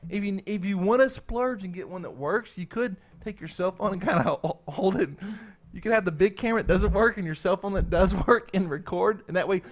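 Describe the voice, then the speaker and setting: Excitable high-voiced man pitching schemes. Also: brisk. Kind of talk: casual group chat.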